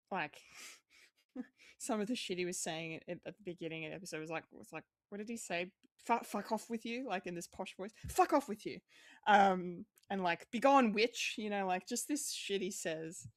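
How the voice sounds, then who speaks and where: A woman's voice: fairly low pitch, no room sound, clean studio sound. A woman co-hosting a podcast, chatting casually in a rambling way, with lots of fillers, restarts and swearing. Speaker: podcast co-host.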